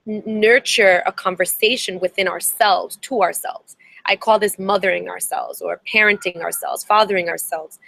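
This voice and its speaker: A woman's voice: mid-range voice, vocal fry, fairly bright tone, low-quality recording. A young adult woman therapist giving an earnest webinar talk, often restarting and repeating words. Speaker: therapist and coach.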